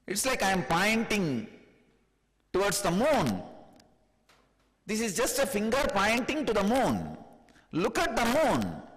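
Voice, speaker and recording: A man from India with an Indian accent giving a spiritual discourse, chuckling often and speaking in an animated, teasing way. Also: high voice, takes it slowly, long pauses, big-room sound, low-quality recording. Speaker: spiritual teacher.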